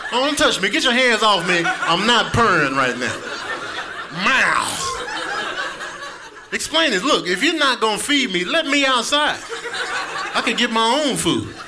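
A man voicing a rude, demanding house cat that loudly scolds its owner about an empty food dish. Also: high voice, big pitch swings, measured pace, long pauses, noisy background, pitched above the performer's own voice, exaggerated voice. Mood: indignant. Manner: loud, indignant, demanding.

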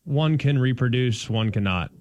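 A man's voice: mid-range voice, normal speed, dry recording. A man co-hosts a sports talk show, telling stories in a playful, emphatic way. His voice is recorded close and dry, with no room sound around it. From Dallas-Fort Worth, Texas. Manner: animated, playful, emphatic storytelling. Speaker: sports radio co-host.

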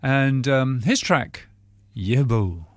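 A man's voice: medium pitch, lively intonation, drawn-out words, no echo. A man hosting a community radio show, jokey and laid-back in his banter. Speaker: radio host. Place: radio studio.

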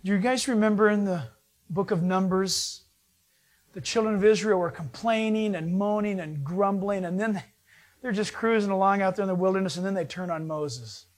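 A man preaching a sermon in a folksy, joking way, telling stories with lively energy. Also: high-pitched, normal speed. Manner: folksy, joking, animated storytelling.

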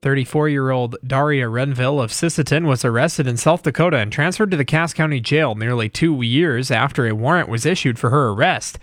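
A man reading a radio news bulletin in a steady, measured way. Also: mid-range voice, no echo, studio quality. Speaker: radio newsreader.

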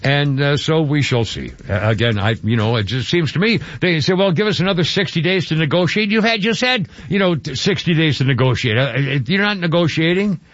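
A man hosts a talk radio show in a rambling, casual way, stumbling over his words and restarting sentences. His voice sits a bit high for a man. The broadcast sound is dry and a little dull. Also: expressive, a little fast, few pauses, fairly bright tone, no echo. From Georgia.

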